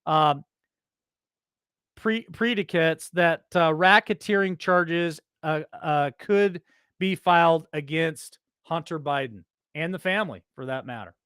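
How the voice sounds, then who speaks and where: A man's voice: a little high, takes it slowly, smooth, no room sound, studio quality. A man hosting an opinion show, reading news headlines aloud and breaking off into heated, indignant commentary. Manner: reads headlines then breaks off into loud indignant rants.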